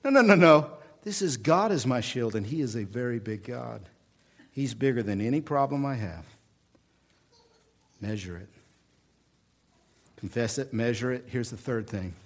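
A middle-aged pastor from Oklahoma with an Oklahoma accent, preaching a folksy, animated sermon full of humor and repetition. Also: male voice, mid-range voice, moderate pace, pauses often.

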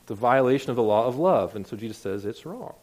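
A man's voice: mid-range voice, animated, quick pace, a little mellow. A man preaching a sermon in an earnest, conversational way, often restarting his words. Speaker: pastor.

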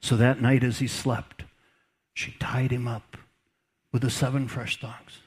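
A man's voice: mid-range voice, little pitch movement, unhurried, husky. A man preaching a sermon as pastor, conversational, repeating words and dropping folksy asides.

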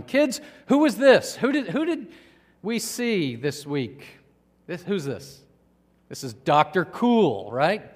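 A male pastor delivering a sermon with animated storytelling, speaking to the children and the congregation. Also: sits high, big-room sound.

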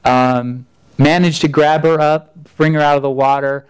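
Earnest pastor, smooth-voiced. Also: male voice, a little high, fairly even intonation, normal speed, low-quality recording. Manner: earnest, folksy, with frequent restarts. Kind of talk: conversational sermon storytelling.

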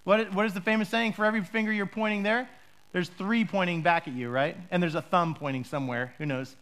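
A man's voice: high voice, steady tone, fairly quick, fairly bright tone. A pastor preaching to his congregation, conversational and joking at times, rising to emphatic calls when he makes a point. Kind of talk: sermon.

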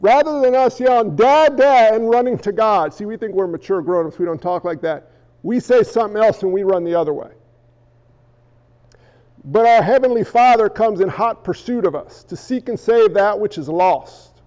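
High-voiced male pastor preaching. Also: moderate pace. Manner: animated, acts out quoted voices. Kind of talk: sermon. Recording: echoey hall, dull lo-fi sound.

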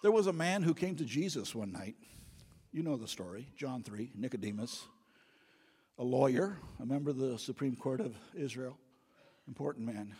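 Husky-voiced preacher in a reverberant church. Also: male voice, animated, moderate pace, darkish tone. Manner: preaching with rising, booming emphasis. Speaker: pastor. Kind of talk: sermon. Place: church sanctuary. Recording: long church hall reverb.

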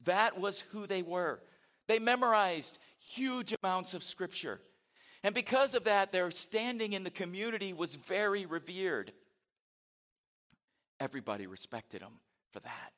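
A man's voice: high voice, lively intonation, unhurried, pushed and bright. A man preaching a sermon in a conversational way, asking the congregation rhetorical questions and reading scripture aloud with dramatic inflection. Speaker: pastor.

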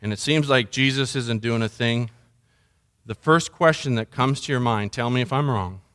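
A man's voice: medium pitch, normal speed, fairly bright tone, clean tone. A middle-aged man preaching a sermon as pastor, conversational and full of storytelling. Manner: conversational storytelling, mimics sounds.

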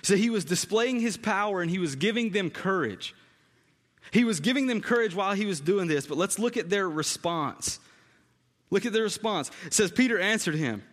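Expressive and a bit bright, the man's voice sits high and keeps a moderate pace. Preaching conversationally in a church sanctuary, he often repeats phrases for emphasis, all captured with a long hall reverb.

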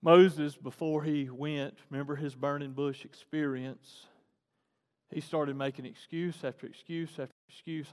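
A male pastor delivers a sermon with a notably high voice. He shifts from forceful, emphatic passages to softer, conversational stretches. A long hall reverb trails his words. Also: steady tone, a little slow. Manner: swings between loud preaching and soft asides.

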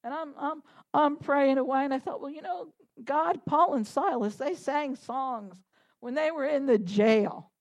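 A woman with a high voice preaches a lively sermon. She talks animatedly, laughs as she goes, and rises into fervent shouted prayer. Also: unhurried.

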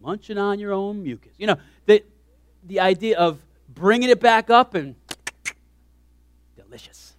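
A man preaching a sermon as pastor, animated, swinging from hushed asides to shouted lines. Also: high voice, a little slow, pauses often, smooth.

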